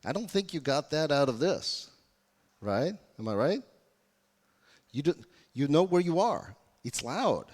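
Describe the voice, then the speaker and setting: Guy giving a workshop talk, super animated voice, lots of questions to the crowd, echoey hall. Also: a little high, unhurried, pauses often. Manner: lively, engaging, asks the audience questions. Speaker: UX workshop speaker. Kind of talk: live presentation to an audience. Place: conference room. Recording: reverberant conference hall.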